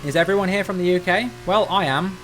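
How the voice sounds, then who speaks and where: Over slight background noise, the man from Cornwall streams a game and chats in a high, fairly bright voice at a fast clip. His accent is general Southern English, and his casual musing is full of restarts.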